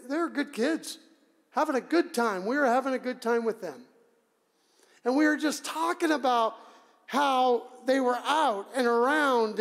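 A male pastor giving a conversational sermon, with dramatic, emphatic delivery. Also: sits high. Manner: conversational, dramatic preaching with sudden loud emphasis. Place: church sanctuary. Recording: long church reverb.

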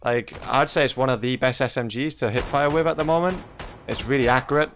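Brisk and a bit bright at a medium pitch, a young mobile gaming YouTuber provides joking, casual commentary on his own mobile shooter session. He chats freely and often laughs at teammates and enemies, and quiet music plays in the background.

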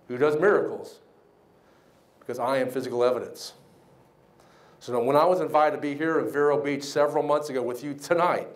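A man giving a motivational banquet speech, telling his story with lively acted-out quotes. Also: mid-range voice. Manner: animated storyteller, acts out quoted voices. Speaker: keynote speaker. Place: banquet hall.

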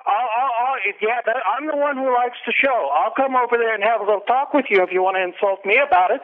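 A man's voice: very high-pitched, fast. A man calling in, angry and threatening to come over. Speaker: caller, truck driver. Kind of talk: phone call. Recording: tinny phone line.

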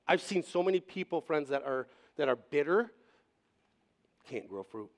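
A man's voice: a little high, animated, normal speed, vocal fry. Man preaching in a chatty way. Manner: conversational preaching, acts out quoted voices. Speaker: pastor. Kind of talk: sermon.

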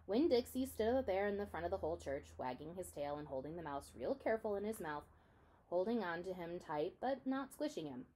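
A woman reading a children's novel aloud in an expressive storytelling manner. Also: fairly low pitch, a little fast, slight background noise. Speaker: reader.

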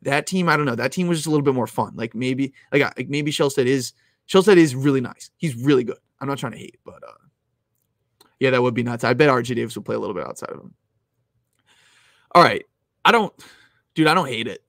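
Animated young man on a live stream. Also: mid-range voice, a little fast, pauses often, no echo, studio quality. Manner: rambling, filler-heavy, restarts with "like"; animated, loud at times. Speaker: sports betting host. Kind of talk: casual live-stream chat. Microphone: close streaming mic.

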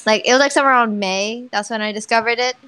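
A chatty woman hosting a casual question-and-answer video. Her voice sits a little high, and she strings thoughts together with constant "like"s and quick laughs. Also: bright, forceful tone, clean tone, low-quality recording. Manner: chatty, heavy use of "like", laughs often. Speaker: channel host reading viewer questions. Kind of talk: casual chat.

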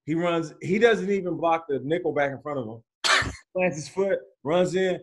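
A man in his forties and a former pro athlete, telling stories as a podcast guest in a slangy, animated way. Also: fairly high pitch, normal speed, husky. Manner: lively, slangy, acts out quotes, laughs while telling stories. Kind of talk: animated storytelling in casual conversation.

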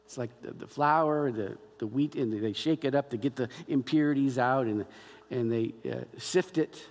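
A man preaching a sermon as pastor, animated and acting out biblical dialogue in quoted voices. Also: medium pitch, normal speed. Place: church sanctuary. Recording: long hall reverb.

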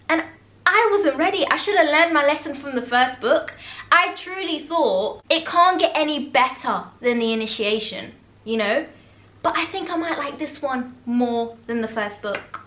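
Excitable woman book vlogger. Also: sits high, measured pace. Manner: excitable and dramatic, gushing. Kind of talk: casual reading vlog chat.

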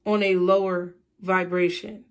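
Tarot reader, woman; slow, measured delivery, repeating spiritual phrases. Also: lowish voice, level tone. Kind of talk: tarot reading for viewers.

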